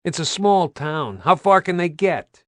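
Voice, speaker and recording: A man's voice: a little high, expressive, measured pace, fairly bright tone, no room sound, voice pushed up. A man voicing a tense male soldier in combat, talking urgently in a raised voice. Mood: grim.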